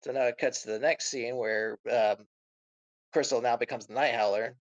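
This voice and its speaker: A man co-hosting a casual comedy podcast, retelling a story and acting out its lines with big jumps in pitch, laughing and swearing often. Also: steady tone, normal speed, dry recording, muffled recording.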